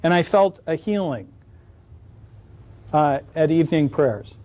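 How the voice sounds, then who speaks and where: Middle-aged guy with a high voice, wry jokey stories, conference q&a answer. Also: normal speed, long pauses, warm tone. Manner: wry, joking storyteller. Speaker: conference speaker. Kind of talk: lecture Q&A answer. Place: conference hall.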